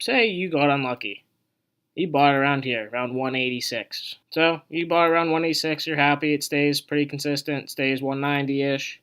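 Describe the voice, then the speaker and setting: A man's voice: medium pitch, steady tone, normal speed, fairly bright tone, clean tone. A young man hosting an investing video, casually explaining a stock chart in a rambling, conversational way full of asides and filler words.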